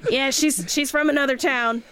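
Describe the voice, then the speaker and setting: A woman narrating as game master of a tabletop game, halting with fillers. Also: high voice, fairly even intonation, a bit bright.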